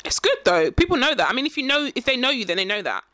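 A young woman chatting casually, teasing her friend and cutting in quickly. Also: high voice, big pitch swings, bright, forceful tone, no echo. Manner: quick, teasing, talks over the other speaker. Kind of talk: casual chat.

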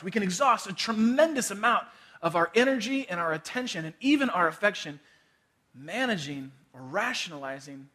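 Male pastor, 30s, sermon delivery; bright, forward tone, casual anecdotes with light laughs. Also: high voice. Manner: conversational storytelling with quick laughs and voiced asides.

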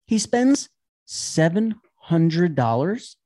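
A man's voice: on the high side, drawn-out words. A man recapping reality TV on a podcast, talking casually, swearing a lot and acting out the people he describes. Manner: animated, swearing, acts out people he retells.

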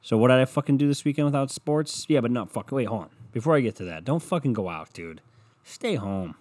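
A man's voice: medium pitch, lively intonation, fairly quick. A young man hosting a podcast at home, ranting casually with lots of swearing and rambling asides. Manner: profane, rambling, loud. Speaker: podcast host. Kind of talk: casual rant monologue. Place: room at home.

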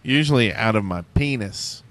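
A man chatting on a podcast with a bright tone and an animated, lively pitch. He likes to toss in random, absurd jokes. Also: moderate pace. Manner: joking, absurd non sequiturs. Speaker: podcast co-host. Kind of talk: casual chat.

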